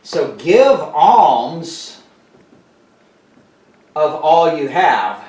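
A man's voice: fairly high pitch, very animated, very slow, a little mellow, reverberant, far from the mic. A man teaching verse by verse in a loose, conversational way, full of fillers and asides. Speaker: Bible teacher. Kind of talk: casual Bible teaching.

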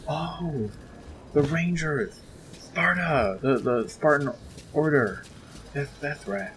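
A man's voice: fairly high pitch, slow pace, a bit bright. Male let's-play commentator, casual and jokey, easily spooked, noisy background hum. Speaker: gameplay commentator.

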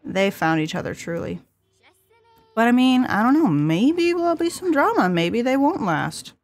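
A woman's voice: on the high side, big pitch swings, moderate pace, faint music behind. A woman in her twenties hosting a casual gameplay commentary, chatty and giggly, talking to her characters as she plays. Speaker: let's play host.

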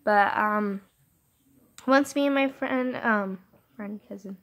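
A teenage girl vlogging to her phone camera in her bedroom, rambling and apologetic with lots of fillers, her voice hoarse from a sore throat. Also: medium pitch, takes it slowly. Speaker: YouTuber. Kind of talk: casual vlog chat. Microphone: phone camera held vertically.

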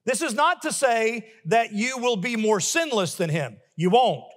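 A male pastor preaching a sermon emphatically, building to forceful refrains. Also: very high-pitched, very animated, measured pace, big-room sound. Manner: emphatic, rising to forceful peaks with repeated refrains. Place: church sanctuary.

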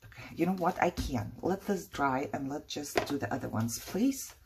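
A woman's voice: low voice, animated, moderate pace, noisy background. A woman chatting casually while she crafts in her living room, rambling through a story with fillers and small laughs. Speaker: crafting vlogger.

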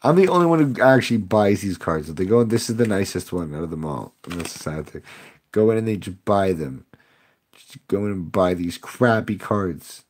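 A young man live-streams card pack openings in casual chat, talking with viewers, being sarcastic and laughing often. His voice is deep and a little mellow, animated, at a moderate pace.

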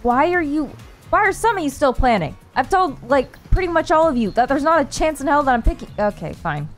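A woman streamer reacting to a dating game in an animated, self-mocking way, her pitch leaping around as she swears and jokes. Quiet game music hums underneath. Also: brisk. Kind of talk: casual game commentary. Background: faint game music.

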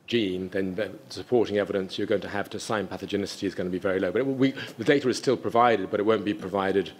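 A man with a lowish voice delivers a scientific presentation at a conference. He speaks in a measured, technical way, often restarting phrases as he explains data and takes questions. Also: steady tone, slightly rough. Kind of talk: scientific talk and Q&A answers.

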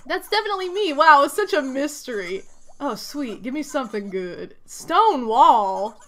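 A woman streamer giving casual commentary over a game, reading lines aloud and breaking into loud exasperated outcries. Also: sits high, very animated, a little slow.

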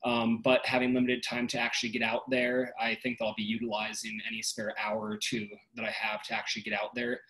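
A man on a webinar panel over a video call, talking in a relaxed way with many pauses and ums. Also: mid-range voice, poor audio.

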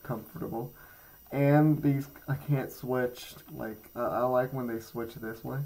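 The audio is poor, carrying a mid-range, darkish-toned male voice with fairly even intonation that takes things slowly. It belongs to a teenage gaming channel creator rambling through a casual headphone review vlog, full of fillers and self-deprecating jokes.

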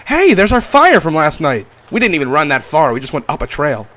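A young man giving comedic gameplay commentary, playful and crude, swinging from mock-tender talk to yelling and swearing. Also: on the high side, wildly swooping pitch, brisk. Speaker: gaming YouTuber.

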